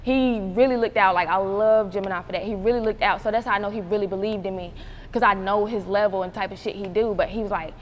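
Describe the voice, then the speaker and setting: A young woman rapper from North Carolina, telling stories in an animated way, acting out quotes and laughing often. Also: mid-range voice, fast talker. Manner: animated storytelling, acts out quotes, laughs a lot. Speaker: rapper, interview guest. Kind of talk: casual interview chat. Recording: roomy hall with faint noise.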